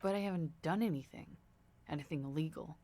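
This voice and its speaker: A weary, evasive young woman under questioning talks in a low voice with a creaky edge. She sounds guarded and tired, pleading her case in a video game. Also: fairly quick, dark tone. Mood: questioned.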